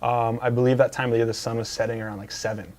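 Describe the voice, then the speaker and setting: A man's voice: mid-range voice, little pitch movement, very fast, darkish tone. A man as a guest on a casual interview show, telling a rambling anecdote full of fillers and restarts, in a lounge. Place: dealership lounge couch.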